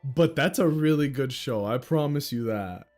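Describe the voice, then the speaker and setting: A man's voice: mid-range voice, animated, moderate pace, darkish tone. A man livestreaming a story game, chatting casually in laid-back slang and laughing easily. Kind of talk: casual game stream reaction.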